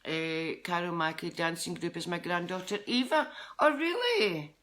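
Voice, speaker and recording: On a live stream, a middle-aged Scottish medium talks with viewers at a normal speed, her voice fairly low and a bit bright. She's chatty and wanders from one topic to the next.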